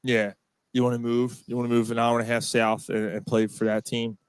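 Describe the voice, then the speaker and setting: Medium-pitched and smooth, with no room sound, a man co-hosts a sports podcast at a slightly quick pace. He chats loosely about sports, animated and freely profane.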